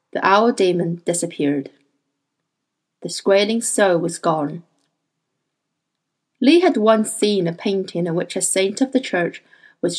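A woman reading a novel aloud as audiobook narrator, measured and expressive. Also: mid-range voice, breathy edge, rough recording. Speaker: audiobook reader. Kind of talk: scripted narration.

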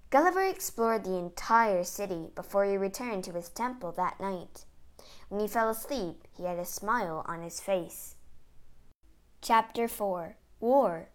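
A woman reading a children's storybook aloud, clear and expressive. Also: mid-range voice.

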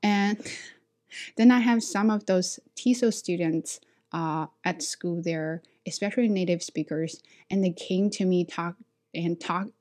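A woman who speaks English as a second language, her first being Chinese, telling stories from her work as an ESL teacher in a frank, self-assured way and acting out quotes with a raised voice. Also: slow. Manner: animated, acts out quotes with high voices. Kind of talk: casual storytelling.

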